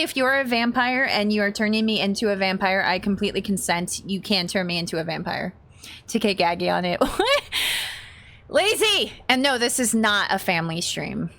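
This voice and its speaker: A woman's voice: mid-range voice, creaky, fairly bright tone, slight background noise. An American woman chatting casually and giggling while streaming a game, with lots of "like" fillers. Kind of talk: casual live-stream chat.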